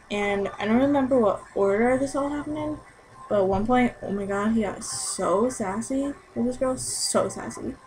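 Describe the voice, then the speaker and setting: A woman's voice: medium pitch, darkish tone, slight background noise, low-quality recording. A young woman in a casual vlog, chatty and gushing as she recaps a concert, saying "like" constantly. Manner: chatty and gushing, heavy use of "like". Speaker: concert-goer recapping a show.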